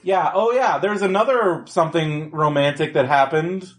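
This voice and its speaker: High-voiced enthusiastic young man. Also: moderate pace. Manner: enthusiastic, swears casually. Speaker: podcast co-host. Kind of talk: casual chat.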